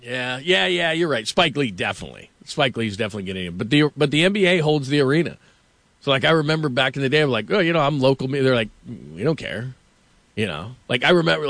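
A man hosting a sports radio show, rambling through anecdotes with quick laughs. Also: mid-range voice, animated, a bit bright, no room sound. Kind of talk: casual radio banter.

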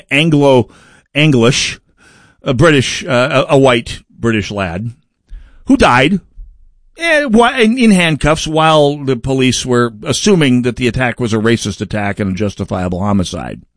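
A man's voice: mid-range voice, no echo, clean studio sound. Emphatic man hosting a political talk broadcast. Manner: emphatic, with wry asides and frequent restarts. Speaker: broadcast host. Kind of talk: political commentary monologue.

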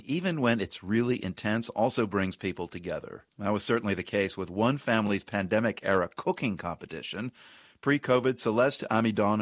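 Male radio host, low voice, dry close studio sound, measured read. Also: dry recording. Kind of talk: scripted radio introduction.

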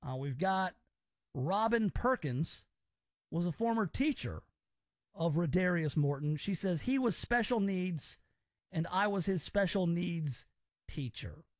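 A man's voice: high-pitched, lively intonation, measured pace, no room sound, studio quality. A man from Memphis hosting a casual talk radio show, opinionated and rambling as he reacts to stories. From Memphis, Tennessee, US.

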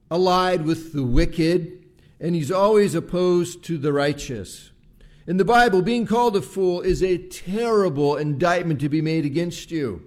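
A man preaches a Sunday sermon, recorded live at a church service. His voice sits a little high, and he slows down deliberately to lean on key words. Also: darkish tone. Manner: measured preaching, slowing for emphasis on key words. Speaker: pastor.

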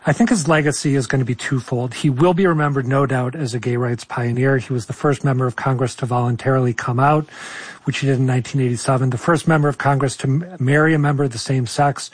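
Male radio reporter, voice going hoarse, dry studio sound, explains at a steady pace. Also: mid-range voice, no echo. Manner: apologetic, measured explanation. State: losing his voice. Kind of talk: news interview.

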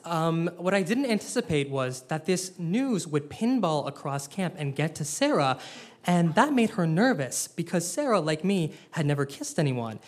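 Wry young man telling a story live. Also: on the high side. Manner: self-deprecating, wry, animated. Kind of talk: live personal storytelling to an audience.

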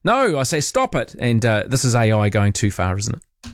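A man hosting an overnight talk radio show, reading listener messages in a relaxed, chatty, self-deprecating way. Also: lowish voice, moderate pace, no room sound, studio quality. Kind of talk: late-night radio, reading listener texts. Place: radio studio. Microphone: studio microphone.

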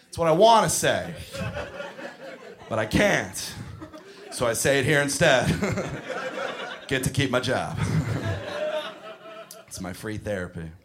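A man doing a stand-up comedy set, ranting with crude language and bursting into shouts. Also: mid-range voice, slow pace, long pauses, crowd noise. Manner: animated, shouting mock rants with crude language.

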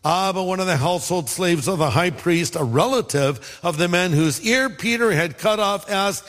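In an unhurried, slightly high voice, a pastor preaches a sermon built around an animated, humorous story in which he acts out the characters' voices and makes humorous asides. The sound has a long hall reverb.

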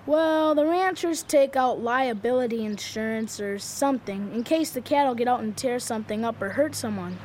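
A woman's voice: a little high, moderate pace, few pauses, darkish tone, a little hiss or hum, natural voice. A woman voicing an honest, cautious schoolboy in a children's radio drama, earnest and a bit hesitant.

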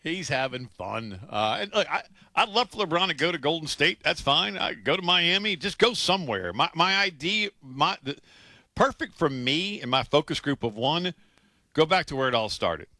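A man's voice: fairly high pitch, expressive, normal speed, pushed and bright, no echo, clean studio sound. A man co-hosting a sports radio show, talking loosely and jokingly and often repeating words as he starts a thought. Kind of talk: casual sports radio talk.

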